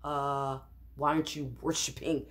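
A woman voicing an angry, domineering ancient king, speaking in a slow, drawn-out, scolding way while dramatizing scripture. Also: low-pitched, flat delivery, a bit bright, voice pushed down.

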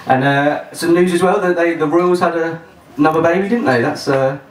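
A man's voice: fairly high pitch, unhurried, a little hiss or hum. A young man doing open-mic stand-up comedy in a small venue, chatty, dry and self-mocking. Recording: roomy echo, voice from far off.

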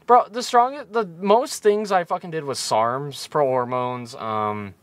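A man's voice: on the high side, a little slow, no echo. A man in his twenties chatting casually on a live stream, tipsy from shots, rambling and swearing constantly. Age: 20s.

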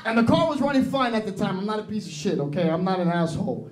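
A man's voice: high-pitched, lively intonation, fast talker. A young man doing a brash, profane stand-up comedy set, dropping into Spanish. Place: small improv theatre stage. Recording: roomy live club recording with crowd.

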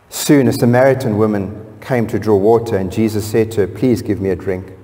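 Male pastor preaching in an echoing hall. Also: warm tone. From South Africa. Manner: preaching with sudden rises in pitch and force on key phrases. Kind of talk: sermon. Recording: long church reverb.

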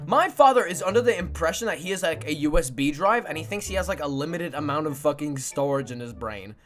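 A sleep-deprived man from Canada, chatting with his livestream viewers in an excitable, swearing way with sudden yelps. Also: on the high side. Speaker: streamer. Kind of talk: livestream chat reading viewer messages.

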